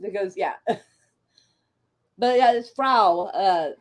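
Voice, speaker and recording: A woman's voice: medium pitch, slow pace. A woman streamer chatting casually about an old comedy film, laughing often and swearing freely. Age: adult. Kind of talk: casual chat.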